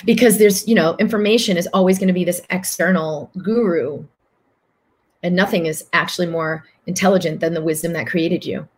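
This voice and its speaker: Woman, slightly low voice, earnest spiritual coaching talk, reads out viewer comments, repeats phrases for emphasis. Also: brisk. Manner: acts out other people's voices in quotes. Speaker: livestream host answering viewer comments.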